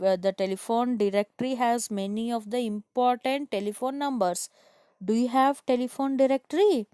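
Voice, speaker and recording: A woman school teacher with an Indian English accent, giving an online grammar lesson to children, explaining slowly and answering her own questions. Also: mid-range voice, a little mellow, smooth, dry recording, studio quality. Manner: slow, repetitive explaining, asks and answers herself.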